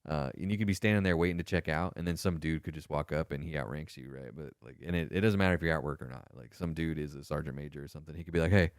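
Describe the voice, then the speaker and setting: A man co-hosting a casual podcast, telling stories with lots of swearing and animated quoted voices. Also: a bass voice, very fast, hardly any pauses, clean tone, no room sound, clean studio sound. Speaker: podcast co-host, former Marine. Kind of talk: casual storytelling chat.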